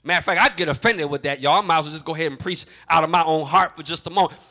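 A middle-aged male pastor preaching a sermon in a call-and-response style that builds to shouts. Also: a little high, rapid-fire.

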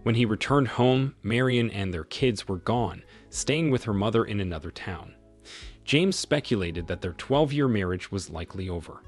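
Man, story narration, husky, lively pitch, faint background music. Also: normal speed.

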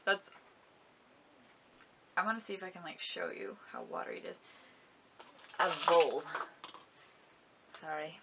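A woman's voice: mid-range voice, sharp tone, a little hiss or hum. A young woman vlogger chatting casually about beauty products, giggling often and complaining dramatically. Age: young adult. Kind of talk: casual product review vlog.

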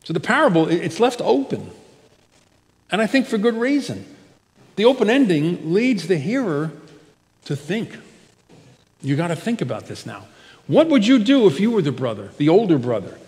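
A pastor preaching a sermon, his voice rising loud and falling quiet for emphasis. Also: sits high, moderate pace, pauses often. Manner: expressive preaching, swells loud then drops soft. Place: church sanctuary. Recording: church hall with long reverb.

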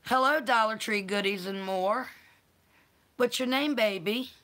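Slow-talking woman host. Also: fairly high pitch, a bit bright. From North Carolina. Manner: affectionate, calls viewers honey and baby. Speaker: channel host. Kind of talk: live-stream chat, greeting viewers.

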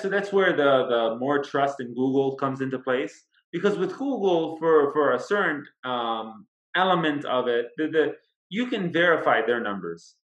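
A man as a marketing expert guest in a casual interview, explaining step by step in a measured, thoughtful way. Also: medium pitch, fairly bright tone. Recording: echoey, dull lo-fi sound.

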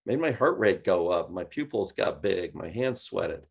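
A man teaching cold calling in a webinar, telling stories with lively quoted dialogue. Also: deep voice, measured pace, vocal fry, breathy edge. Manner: animated storytelling, mimics voices in quoted dialogue. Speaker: sales trainer.

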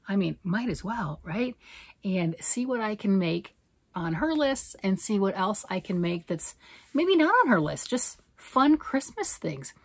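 A middle-aged woman hosts a knitting and crochet vlog, rambling casually, making fun of herself, and posing rhetorical questions. Her medium-pitched voice is husky, and the recording is dry.

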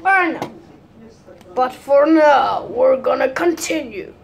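A woman's voice: high-pitched, animated, takes it slowly, creaky, slight background noise. A woman using a put-on Irish accent, giving rambling, hesitant gameplay commentary full of fillers. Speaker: gamer.

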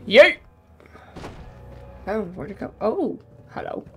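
A woman's voice: on the low side, sing-song, takes it slowly, gravelly, slight background noise. A young woman giving sarcastic let's-play commentary, talking to herself as she plays and swearing freely. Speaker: gaming streamer.

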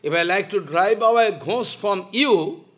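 A man's voice: high-pitched, a little slow, a bit bright. Impassioned older man scolding in a lecture. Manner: impassioned, scolding, repeats rhetorical questions. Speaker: spiritual teacher. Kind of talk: devotional lecture.

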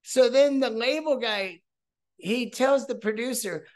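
A man hosting a podcast, telling a story in a casual, profane, excitable way. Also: very high voice, measured pace. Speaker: podcast host.

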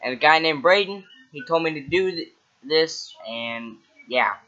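A man's voice: on the high side, animated, a little slow, pushed and bright. A young man chatting casually as a vlogger, with offhand, mumbled asides, on a dull lo-fi recording. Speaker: impressionist vlogger. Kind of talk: casual vlog chat.

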